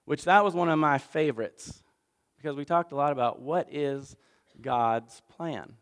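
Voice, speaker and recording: A man's voice: on the high side, unhurried, a bit bright, clean tone. A man preaching a casual sermon recap in a conversational, self-deprecating way, acting out little voices. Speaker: pastor.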